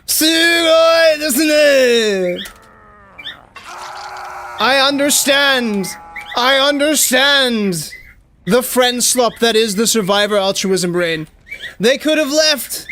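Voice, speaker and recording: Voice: high voice, slow pace, pauses often, sharp tone, slight background noise. A young adult streamer giving casual, slangy live commentary on a match and talking straight to chat. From South Africa. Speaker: game streamer.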